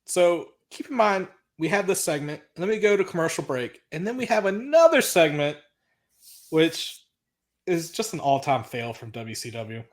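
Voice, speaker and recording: A man's voice: fairly high pitch, sing-song, normal speed. A man co-hosting a wrestling podcast, recapping an old episode in a blunt, exasperated, often profane way. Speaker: podcast co-host. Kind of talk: casual chat recapping wrestling.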